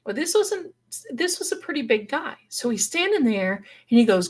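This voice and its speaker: A woman's voice: fairly high pitch, big pitch swings, moderate pace. Dramatic folksy woman telling a story. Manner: dramatic, folksy, addresses viewers as darlings. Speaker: paranormal storyteller guest. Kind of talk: live-stream storytelling.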